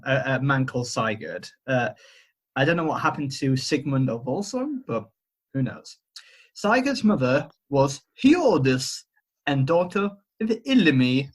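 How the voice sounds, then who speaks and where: A man's voice: medium pitch, husky. A man co-hosting a podcast over a video call, retelling a myth in a rambling, hesitant way with self-mocking jokes. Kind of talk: casual storytelling chat. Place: home, remote call.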